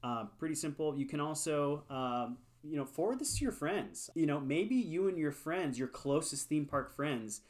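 A man's voice: fairly high pitch, animated, normal speed, few pauses. A man from California co-hosting a theme park podcast, talking casually and upbeat with lots of fillers. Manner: upbeat, chatty with many fillers. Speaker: podcast co-host. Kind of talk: casual chat.

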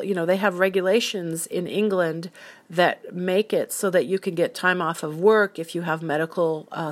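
Woman, low-ish voice, casual solo monologue, earnest, opinionated, explanatory. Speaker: solo commentator.

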